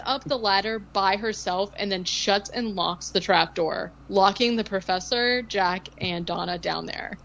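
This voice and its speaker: A woman's voice: medium pitch, unhurried, gravelly, a bit bright, muffled recording. A woman co-hosting a podcast, recapping a film in casual chat, rambling with lots of "like" and sarcastic asides. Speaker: podcast co-host.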